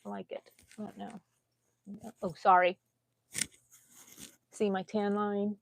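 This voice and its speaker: A woman's voice: medium pitch, level tone, takes it slowly, vocal fry, slight background noise. A middle-aged woman from the United States chatting casually on a crochet live stream, laughing often and talking to viewers by name. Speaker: crochet vlogger.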